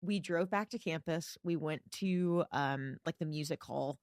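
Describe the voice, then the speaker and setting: A woman's voice: sits low, a little slow, a little mellow, no echo, studio quality. A young woman co-hosting a podcast, telling a story in casual chat, full of filler words. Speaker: podcast co-host.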